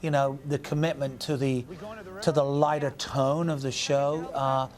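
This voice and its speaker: A man's voice: mid-range voice, little pitch movement, measured pace. An English man talking about his acting work in an interview, thoughtful and often searching for his words. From England. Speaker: actor guest. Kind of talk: reflective interview answers.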